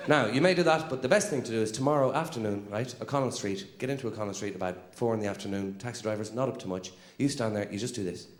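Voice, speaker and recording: A man's voice: fairly low pitch, fast, hardly any pauses, reverberant. A man telling stand-up stories and mimicking people. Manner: conversational storytelling, mimics people. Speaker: stand-up comedian. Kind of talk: stand-up comedy.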